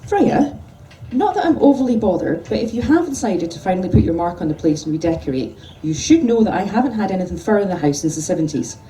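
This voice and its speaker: A woman's voice: mid-range voice, very animated, fast, hardly any pauses, dark tone, close to an everyday voice. A woman reading as a dry, imperious grandmother. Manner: dry, commanding. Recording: roomy hall from far off, noise.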